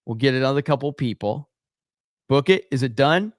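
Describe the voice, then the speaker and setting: This is an Alabama livestream co-host in loose, foul-mouthed banter who reads out what viewers type in chat. His medium-pitched voice is expressive and moves at a moderate pace, recorded at studio quality without echo.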